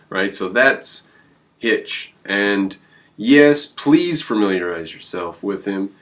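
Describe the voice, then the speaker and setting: A man hosting his own channel, talking in a rambling, emphatic way with sudden jumps in pitch. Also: animated, slow pace, a bit bright. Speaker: channel host. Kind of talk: casual on-camera commentary.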